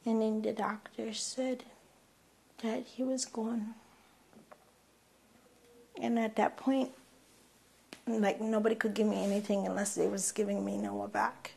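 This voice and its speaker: A bereaved mother slowly and plainly recounting her son's last moments in an interview. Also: mid-range voice, little pitch movement, vocal fry, darkish tone, breathy edge. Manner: slow, plain, heartfelt storytelling. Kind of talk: documentary interview.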